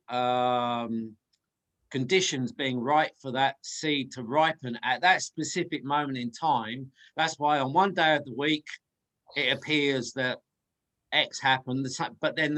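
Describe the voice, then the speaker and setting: A man's voice: medium pitch, sharp tone, rough recording. A man asking his teacher a question, hesitant and thinking aloud.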